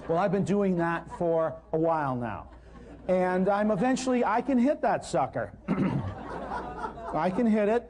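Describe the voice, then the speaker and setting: A man speaking to a live audience in a slightly high but mellow voice. He tells wry, self-deprecating anecdotes in a relaxed storytelling way. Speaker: natural healing lecturer. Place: live talk in front of an audience.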